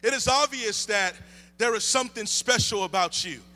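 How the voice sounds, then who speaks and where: A man in his thirties delivers a sermon with impassioned emphasis. His voice sits somewhat high and rings with a bright, forward edge. He leans into repeated refrains as he builds. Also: normal speed. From United States. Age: 30s. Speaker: preacher. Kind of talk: sermon with opening prayer.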